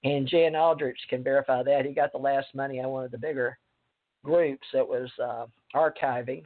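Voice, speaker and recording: A woman's voice: rumbling low, fairly even intonation, moderate pace. Rambling woman host on a tinny phone line. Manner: rambling, hesitant with many fillers. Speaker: radio show host. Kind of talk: casual radio talk.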